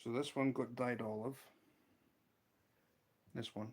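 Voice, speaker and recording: A man with a Scottish accent hosting a casual livestream, showing fly-tying materials and telling an animated story, laughing often. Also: medium pitch, slow, slightly rough. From Scotland. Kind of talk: casual livestream chat and anecdote.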